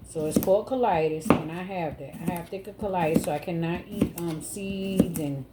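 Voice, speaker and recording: A woman's voice: lowish voice, normal speed. A woman chatting casually with her viewers in a home cooking vlog, calling them y'all and baby. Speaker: home cook vlogger. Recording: loud background noise.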